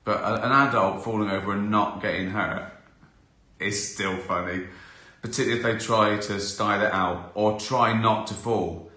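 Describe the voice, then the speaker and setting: A man's voice: lowish voice, steady tone, normal speed, bright, forceful tone. Chatty man in an echoey room. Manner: chatty, laughs often, acts out little scenes. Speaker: host answering viewer questions. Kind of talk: casual live-stream chat.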